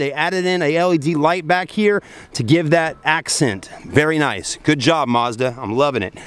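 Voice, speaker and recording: A man's voice: a little high, a bit bright, clean tone. Man, tired car vlogger, folksy and chatty, mid-range voice, camera mic. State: hot and tired after a long day. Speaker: car reviewer filming at a dealership. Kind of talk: casual walkaround car review. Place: outdoors at a car dealership at night, then inside a car.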